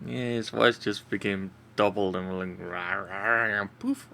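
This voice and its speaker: A man's voice: on the low side, steady tone, a little slow, creaky, a bit bright, slight background noise. A man playing a tabletop game over a call, joking and teasing the others. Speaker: player, medic character. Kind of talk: casual chat over voice call.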